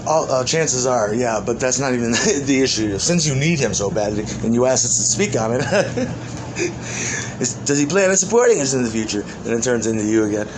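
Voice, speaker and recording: A man's voice: medium pitch, lively intonation, normal speed, noisy background. A man rambling through an improvised monologue in the persona of an ancient demon. He swears constantly, laughs between phrases and keeps restarting his sentences. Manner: profane, laughs often, restarts and trails off.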